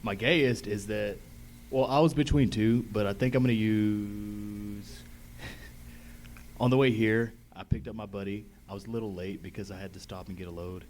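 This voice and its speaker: A man's voice: lowish voice, steady tone, normal speed, darkish tone. A tipsy man from Texas, an audience member telling a loose, giggly story at a live podcast.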